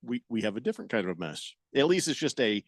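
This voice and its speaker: A man's voice: medium pitch, sing-song, quick pace, dry recording. A middle-aged man on a radio show, telling a long story in a rambling way, full of restarts and fillers, into a studio mic. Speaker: radio co-host. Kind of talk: casual radio banter.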